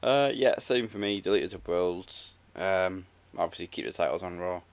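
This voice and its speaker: A laid-back man talking wrestling in a casual chat, with dry remarks and easy chuckles. His voice sits very low and deep. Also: normal speed, a little hiss or hum. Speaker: podcast co-host.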